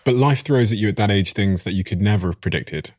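A man interviewing a guest, asking calm, probing follow-up questions. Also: fairly low pitch, fast, no echo, clean studio sound.

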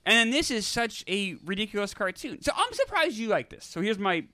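A man's voice: sits high, sing-song, brisk, sharp tone, dry recording. A man in his forties co-hosting a casual movie review chat, blunt and opinionated. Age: 40s. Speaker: podcast co-host.

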